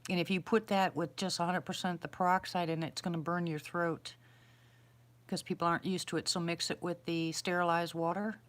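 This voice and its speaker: A middle-aged woman with a slightly low voice chats loosely on a live stream, outdoors at night. She rambles and restarts as she answers her viewers one by one, in a plain, homey way. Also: fairly even intonation, fairly quick. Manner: rambling, chatty, answers chat questions aloud. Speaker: livestream host answering viewers. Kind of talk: casual live-stream chat.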